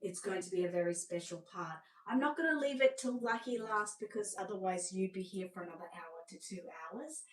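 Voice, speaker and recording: A woman's voice: mid-range voice, fairly quick, few pauses. Gushing Australian woman, roomy distant sound. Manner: chatty, gushing, drops to a hushed voice over sweet babies. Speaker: doll seller hosting a live showcase. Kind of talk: live-stream sales showcase. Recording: roomy sound, away from the mic.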